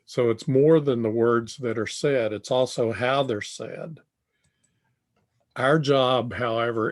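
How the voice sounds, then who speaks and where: In a mid-range voice, an older presenter delivers a tutorial on communication, measured in pace and echoing his own phrases while he works through his thoughts.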